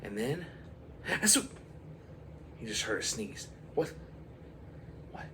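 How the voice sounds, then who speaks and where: A man's voice: fairly low pitch, expressive, unhurried, noisy background. A man telling a rambling comic story, full of sound effects and put-on voices. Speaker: comedic storyteller.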